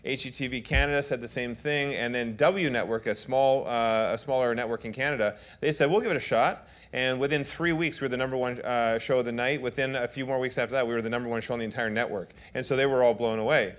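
A man telling animated stories on stage to a live audience, playing to the crowd. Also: medium pitch, quick pace, hardly any pauses. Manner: animated storyteller who plays to the audience. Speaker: TV host talking with an interviewer. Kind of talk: lively on-stage anecdotes.

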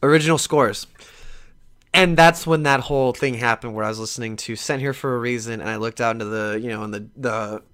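A man's voice: mid-range voice, brisk, a bit bright, clear, resonant tone. A young man hosting his own podcast, talking casually in an earnest, rambling way with frequent restarts. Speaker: podcast host. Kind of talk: casual solo podcast talk.

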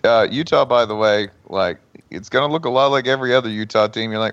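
A man's voice: mid-range voice, fast, hardly any pauses, fairly bright tone, clear, resonant tone, no room sound, highs cut off. A man co-hosting a podcast, chatting casually with a wry, joking manner and acting out mock quotes. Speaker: podcast co-host. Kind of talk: casual chat.

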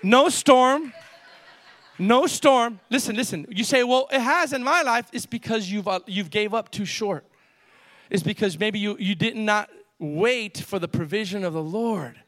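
A pastor preaching a lively sermon, with call-and-response and quick asides to the congregation. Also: male voice, high voice, dry recording.

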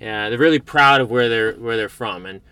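Canadian man, guest in a relaxed chat, bright forceful tone, lots of false starts. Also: mid-range voice, normal speed, clean tone. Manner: stammering restarts, easygoing. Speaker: guest, host's brother. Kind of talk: casual conversation.

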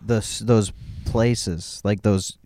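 A man's voice: fairly low pitch, steady tone, takes it slowly, warm tone, no echo. A man from Florida chatting casually, hesitant and often restarting his sentences. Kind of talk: casual chat.

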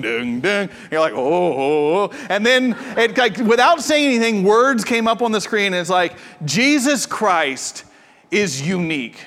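A man, likely in his thirties, preaching a sermon as pastor with animated, playful storytelling. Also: high voice, big-room sound.

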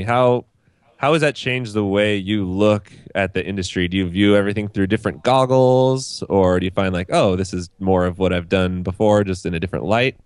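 Male podcast host; smooth, resonant, lowish voice, dry close mic, relaxed interviewer. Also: dry recording. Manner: friendly, asks open questions, jokes. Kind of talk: casual interview.

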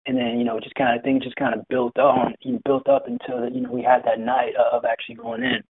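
A young man telling his own story as an interview guest, hesitant and full of fillers and restarts, with a husky voice. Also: medium pitch, fairly quick. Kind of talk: personal story in conversation. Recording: tinny phone-like line.

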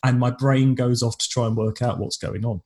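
A man's voice: mid-range voice, fairly even intonation, normal speed, a little mellow. Chatty English man co-hosting a podcast. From England. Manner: chatty, rambling, with frequent restarts. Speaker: podcast co-host. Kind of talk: casual chat.

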